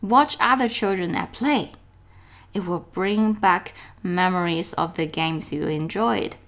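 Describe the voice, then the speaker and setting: A woman whose first language is Chinese, reading a guided self-help exercise aloud in a slow, gentle way that turns playful. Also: fairly low pitch. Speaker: self-help course host.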